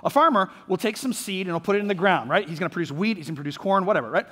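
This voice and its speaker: An Orlando, Florida pastor preaches a sermon in a church sanctuary, speaking conversationally with fillers and frequent "right?" check-ins. His high-pitched voice races along, expressive, bright and forceful, with a big-room sound.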